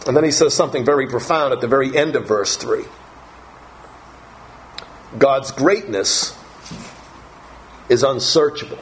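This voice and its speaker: A man's voice: medium pitch, unhurried, pauses often, slight background noise, low-quality recording. A male pastor preaching a Bible-teaching sermon, reading verses aloud and stressing key phrases with strong emphasis.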